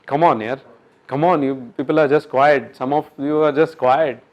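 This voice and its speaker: A man giving an interactive medical lecture at a workshop, quizzing the audience in a coaxing, brisk way. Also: medium pitch, fairly even intonation, highs cut off.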